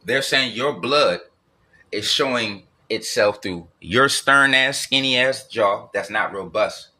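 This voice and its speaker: A man's voice: medium pitch, slow pace, sharp tone. A man giving a blunt, profane solo monologue, repeating and circling back over his points.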